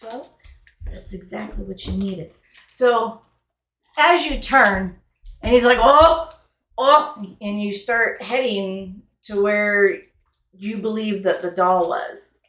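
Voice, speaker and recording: A woman's voice: medium pitch, slow pace, a bit bright. A woman narrating as game master in a loose, rambling, casual storytelling manner with some swearing, recorded in an echoey room.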